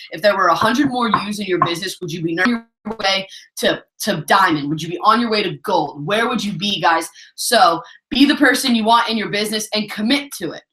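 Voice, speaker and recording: A woman's voice: mid-range voice, bright, forceful tone. Female trainer, pep-talk delivery, keeps calling the team "guys", recorded in an echoey room. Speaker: network marketing trainer. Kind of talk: motivational training call.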